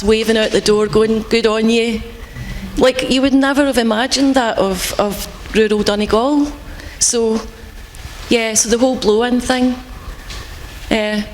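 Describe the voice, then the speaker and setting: A woman's voice: a little high, slight background noise. Chatty woman in a reverberant hall. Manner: chatty, animated storytelling. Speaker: panelist. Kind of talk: panel discussion.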